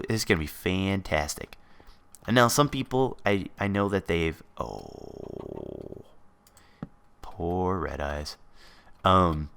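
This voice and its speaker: A man's voice: on the low side, a bit bright, a little hiss or hum. A man hosting a let's play, chatting casually and thinking aloud as he builds. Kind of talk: casual gameplay commentary.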